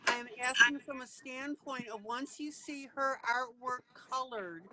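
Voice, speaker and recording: Woman, live stream host, enthusiastic, high voice, slow pace, audible background noise. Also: bright, forceful tone. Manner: enthusiastic, cheering, laughs often. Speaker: host of live coloring broadcast. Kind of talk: casual live-stream chat. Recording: noisy live-stream audio.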